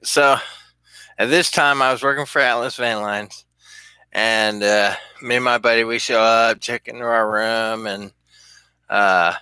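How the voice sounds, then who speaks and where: Man, storyteller, bright dry voice, loose profane anecdote style with chuckles. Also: mid-range voice, steady tone, unhurried, smooth, no echo. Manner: rambling, profane, chuckling often. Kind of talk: casual anecdote telling.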